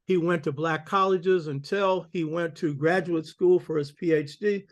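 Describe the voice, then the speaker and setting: Older male lecturer, emphatic preacherly delivery, slightly high-pitched voice. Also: fairly even intonation, moderate pace. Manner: preacherly, emphatic, calls out "you hear me?". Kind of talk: public lecture.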